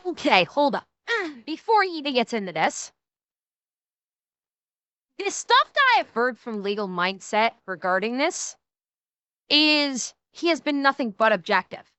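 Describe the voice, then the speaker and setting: High, bright-voiced ranting woman streamer. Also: sing-song, smooth, dry recording. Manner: emphatic, ranting, heavy swearing; quick shifts between mocking and serious. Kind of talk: casual reaction stream commentary.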